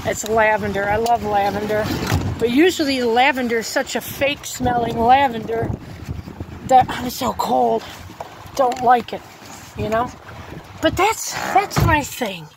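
A woman vents to her viewers in a casual vlog, blunt and fired up, with swearing slipping in. Her voice sits a little high. A faint noise runs under the recording, as if she is talking from a car. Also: measured pace. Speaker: vlogger.

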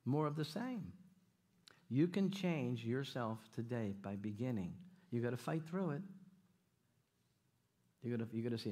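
Animated preacher man telling stories. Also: medium pitch, unhurried, long pauses. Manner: animated, jokey, repeats himself, audience call-outs. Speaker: guest preacher. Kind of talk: sermon with stories and jokes. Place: church sanctuary.

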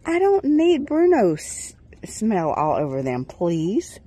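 A woman's voice: mid-range voice, wildly swooping pitch, slow, warm tone, slightly rough. Woman cooing at farm animals. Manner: affectionate baby talk to animals, chatty asides to viewers. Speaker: small farm owner filming her animals. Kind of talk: casual farm vlog, talking to animals and viewers. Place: outdoors in a farm pasture. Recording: faint outdoor background noise. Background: chickens clucking and roosters.

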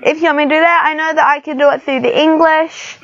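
A woman's voice: high-pitched, flat delivery, fast talker, fairly bright tone, muffled recording. A woman, chatting and giggling casually as she talks through a computer game for her channel. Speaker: gaming channel host. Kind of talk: casual screen-recorded gameplay commentary.

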